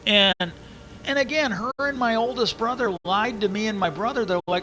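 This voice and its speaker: A man's voice: sits high, moderate pace, pushed and bright, poor audio. A man ranting angrily in a casual livestream monologue, swearing often and restarting his sentences as he rambles. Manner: angry, profane, rambling with many restarts. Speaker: livestream host.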